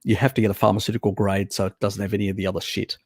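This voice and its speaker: An Australian man hosts a live stream, chatting casually, rambling and swearing now and then as he reads and answers viewer comments. His fairly low, level voice comes rapid-fire and a little mellow. The sound is clean studio quality with no room sound.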